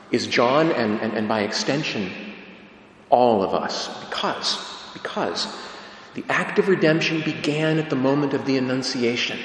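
Man preaching in an echoey hall. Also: mid-range voice. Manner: emphatic, conversational, asks rhetorical questions. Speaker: Catholic preacher. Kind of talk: sermon. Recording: echoey hall with long reverb.

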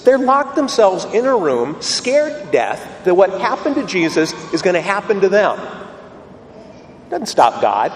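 Lively, emphatic preaching man. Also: high-pitched, a little hiss or hum. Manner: storytelling, emphatic. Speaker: priest. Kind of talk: sermon. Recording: echoey hall from a distance.

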